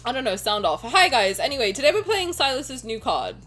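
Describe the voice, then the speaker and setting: A woman's voice: fairly high pitch, sing-song, a little fast, fairly bright tone, soft background music. A young adult woman streamer chatting casually and joking with her viewers, swearing now and then. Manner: joking, swearing, playful banter. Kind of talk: casual livestream chat, reading chat aloud.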